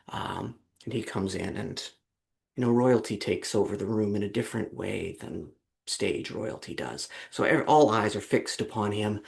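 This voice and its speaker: A man's voice: fairly low pitch, gravelly. A man presenting an academic lecture at an online seminar over a video call, telling stories and acting out quoted lines. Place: online seminar from home or office.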